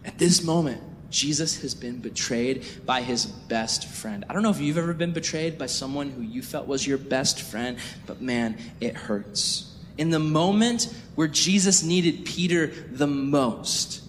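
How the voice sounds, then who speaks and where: A man preaching a sermon in an emphatic way, swinging from hushed to raised, in a church hall. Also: a little high. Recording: reverberant hall with faint noise.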